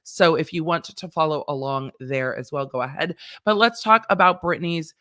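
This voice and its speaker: A woman's voice: sits low, moderate pace, a bit bright. A woman lawyer hosting a casual livestream, chatty and rambling, swearing and laughing as she talks.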